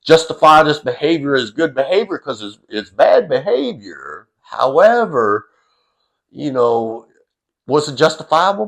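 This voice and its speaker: A man's voice: on the high side, lively intonation, moderate pace, a bit bright, low-quality recording. Middle-aged man, folksy, rambling, swears freely, casual storytelling, lots of fillers. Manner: folksy, profane, rambling with many "you know" fillers. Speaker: vlogger telling a personal story.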